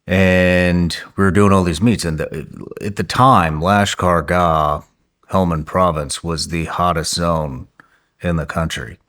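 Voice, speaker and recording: This is a man with a very deep voice, speaking as a podcast host. He tells his war stories in a blunt, matter-of-fact way and swears casually. The tone stays conversational throughout. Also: fairly even intonation, takes it slowly, fairly bright tone.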